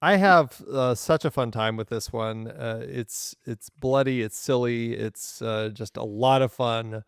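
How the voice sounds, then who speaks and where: A man co-hosting a film podcast in relaxed, amused casual chat. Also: medium pitch, unhurried, gravelly, smooth, no echo, clean studio sound. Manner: relaxed, amused, with filler words. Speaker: podcast co-host.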